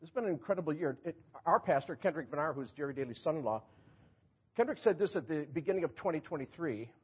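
Quick and expressive, with a breathy edge, this slightly high male voice comes through with the highs cut off. He's a guest preacher from New York giving a sermon in a church sanctuary, talking to the congregation in a chatty, joking way and laughing at his own jokes.

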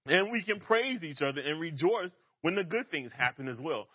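A man's voice: on the high side, lively intonation, normal speed, husky, dry recording, dull audio. Casual, chuckling male preacher. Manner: casual and self-deprecating, laughs at himself. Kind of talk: conversational sermon.

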